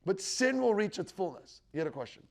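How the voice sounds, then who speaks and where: A man's voice: high-pitched, big pitch swings, brisk, vocal fry. A man teaching the Bible about the end times to a live group, talking conversationally and checking in with his listeners. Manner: conversational, checks in with the room, quotes scripture with rising emphasis. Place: teaching room with a live audience.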